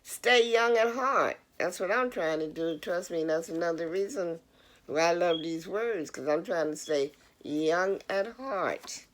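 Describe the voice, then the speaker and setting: A woman's voice: on the low side, unhurried. A middle-aged woman vlogger giving a casual, earnest motivational talk straight to her viewers. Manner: earnest, preachy, addresses the audience directly.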